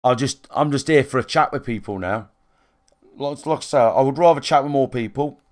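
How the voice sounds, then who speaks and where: Blunt, sweary streamer. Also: male voice, medium pitch, a little fast, darkish tone. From England. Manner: blunt and sweary, rambling with restarts and fillers. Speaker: game streamer. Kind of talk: casual rambling chat to a live stream. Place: his own room, alone.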